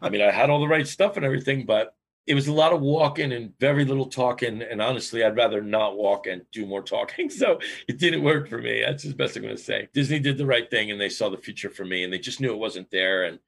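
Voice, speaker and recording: A man guest on a podcast, telling a long personal story in an animated way with big swings in pitch. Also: fast, vocal fry, slightly rough. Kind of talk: storytelling interview.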